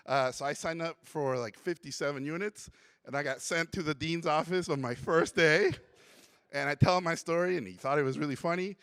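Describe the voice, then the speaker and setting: A man from Mexico giving a conference talk, telling his story in an animated way and acting out the voices of others. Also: a little high, fairly quick, clear, resonant tone, no echo, clean studio sound. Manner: animated storyteller who acts out quotes. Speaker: conference speaker. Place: conference hall.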